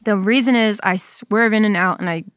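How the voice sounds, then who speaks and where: A young woman from New Jersey chatting casually as a podcast co-host, telling stories with lively acted-out quotes. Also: mid-range voice, normal speed, clear, resonant tone, no echo, studio quality. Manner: lively storytelling, acts out quotes. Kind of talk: casual chat.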